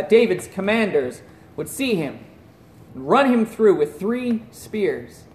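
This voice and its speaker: A man preaching a sermon in an earnest voice that drops to a hush at solemn points. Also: on the high side, roomy sound. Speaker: pastor.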